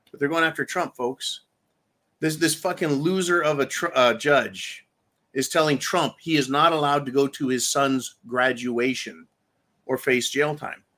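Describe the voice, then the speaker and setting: A man's voice: fairly high pitch, a bit bright. A man hosting political commentary, delivering an angry, profane, sarcastic rant and repeating himself for emphasis.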